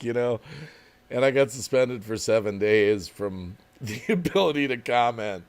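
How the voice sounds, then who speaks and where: A man's voice: fairly low pitch, normal speed, clean tone. A man hosting a casual livestream, reading viewer comments aloud, chatting and laughing often. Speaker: livestream host.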